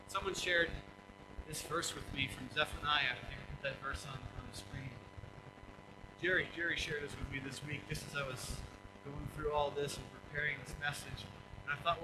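An older man preaching a sermon as pastor, emphatic and animated, acting out quotes and chuckling along the way. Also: a little high, normal speed, noisy background.

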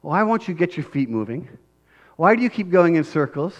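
A man voicing a frustrated father who urgently pleads for help that seems slow to come. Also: on the high side, sing-song, dull audio. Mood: pleading. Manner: urgent, pleading, rising to shouts.

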